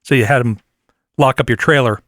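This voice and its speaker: Casting: man, mid pitch, fast talker, interjects asides, dry mic. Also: a bit bright, dry recording. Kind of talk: casual chat.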